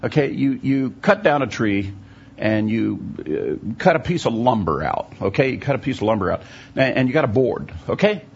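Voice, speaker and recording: Guy preaching a bible lesson, husky gravelly voice, keeps asking okay?, muffled old recording. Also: mid-range voice, lively intonation, normal speed. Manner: explanatory, often checks in with the audience. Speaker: Bible teacher. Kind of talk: teaching sermon with a story. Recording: dull lo-fi recording.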